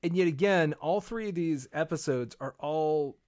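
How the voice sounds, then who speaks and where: A man's voice: on the high side, normal speed, darkish tone, dry recording, studio quality. A man co-hosting a podcast in casual chat, thinking aloud with plenty of fillers. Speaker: podcast co-host.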